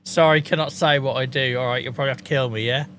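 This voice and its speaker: A man's voice: medium pitch, steady tone, quick pace, fairly bright tone, a little hiss or hum. A man streaming a farming game, joking, swearing and chatting with his viewers. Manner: jokey, swears freely, talks to chat. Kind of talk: casual gameplay commentary.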